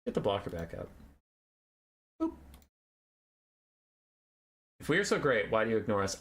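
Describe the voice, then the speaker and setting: A man's voice: on the low side, very animated, moderate pace, pauses often, a bit bright, a little hiss or hum. A young man hosting a game tournament stream, chatting casually in a rambling, self-deprecating way. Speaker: tournament host and caster. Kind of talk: casual live-stream chat.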